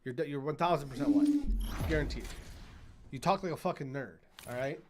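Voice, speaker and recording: A man's voice: mid-range voice, brisk, a little hiss or hum. A man streaming gameplay, ranting profanely at teammates and repeating himself. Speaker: gaming streamer. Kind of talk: casual gameplay commentary. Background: gunfire from the game.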